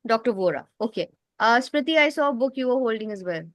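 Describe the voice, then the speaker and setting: Woman, higher voice, group facilitator, tiring voice, dry close sound, video call. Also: animated, fast talker, no room sound. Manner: explains at length, often restarts phrases. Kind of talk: teaching an online study group.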